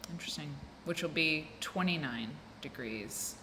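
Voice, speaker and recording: This podcast host, an American woman, talks at normal speed in a low voice, rambling through a casual solo chat and interrupting herself. Her office-room recording has roomy echo, faint ambience and a noisy background.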